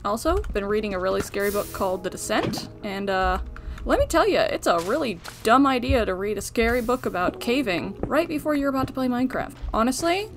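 A woman's voice: a little high, lively intonation, fairly quick, over music. A young woman talking viewers through her survival game in a chatty, self-deprecating way, tired from little sleep. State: sleep-deprived. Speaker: gaming channel host. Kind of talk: casual let's-play commentary.

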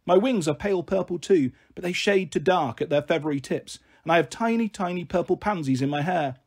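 A man's voice: high-pitched, a little fast, husky. A man doing a playful big-sister girl. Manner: playful, coaxing storytelling.

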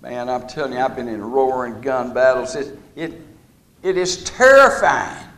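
A middle-aged man preaching a sermon, folksy and deliberate, leaning on key words. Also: mid-range voice, expressive, fairly bright tone.

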